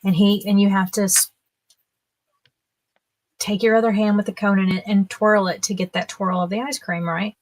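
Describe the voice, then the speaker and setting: A woman's voice: medium pitch, level tone, moderate pace, pauses often, dry recording. A woman in her fifties, a guest on a livestream, telling casual stories in a chatty way and laughing often. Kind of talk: casual storytelling.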